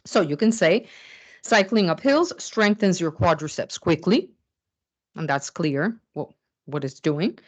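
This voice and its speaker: This is a middle-aged woman, giving a lecture on scientific writing. Her voice sits a little low. She explains patiently and keeps pausing to ask "okay?". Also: expressive. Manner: explanatory, often checks in with "okay?". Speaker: writing instructor. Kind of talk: recorded classroom lecture.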